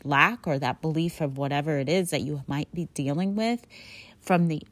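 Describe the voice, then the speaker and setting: Low-voiced woman retelling a Bible story. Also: normal speed. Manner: rambling, full of fillers. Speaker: Bible teacher.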